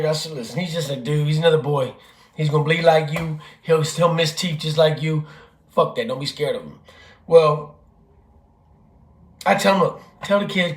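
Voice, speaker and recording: Animated profane man telling a story. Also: on the high side, reverberant. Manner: animated, profane, acts out quotes. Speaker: vlogger, father. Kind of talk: casual storytelling vlog.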